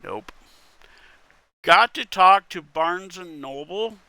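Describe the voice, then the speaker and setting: A man's voice: high voice, expressive, slow pace, pushed and bright, clean tone, no echo. A man reading internet posts aloud in casual commentary, wry and muttering, with casual swearing. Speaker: content creator reading posts.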